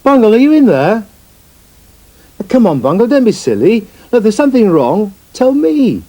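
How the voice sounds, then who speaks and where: Kids show presenter guy, high lively voice, coaxing then telling off. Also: moderate pace. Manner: coaxing, then scolding like a parent. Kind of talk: acted children's TV scene.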